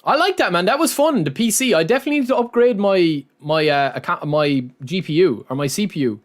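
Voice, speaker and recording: Streamer guy, kinda high voice, talks to chat, lots of lads and man. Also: lively intonation, fairly quick. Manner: chatty, says lads and man often. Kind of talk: casual live-stream chat.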